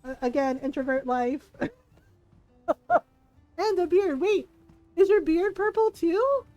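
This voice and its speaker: A high-pitched woman chats casually while streaming a game, laughing often and peppering her stories with "like." Her voice sits dry and close, with soft music playing low behind her. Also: slow pace, dry recording, muffled recording. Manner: animated storyteller, laughs often, many "like" fillers.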